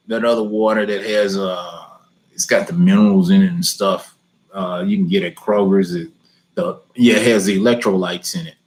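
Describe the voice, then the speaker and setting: A man hosting a live lawn care question and answer stream, chatting easily, chuckling often and repeating himself. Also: on the low side.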